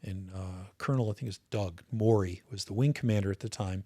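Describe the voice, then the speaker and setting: A man's voice: fairly low pitch, fairly quick, mellow. A man in his fifties, a retired officer, telling stories as a guest in a casual interview, earnest and reflective, often restarting his sentences.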